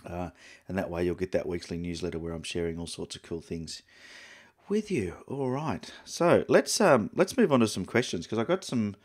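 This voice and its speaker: A middle-aged Australian man hosts a photography livestream, rambling casually with plenty of fillers and restarts. His voice sits low and he talks a little fast.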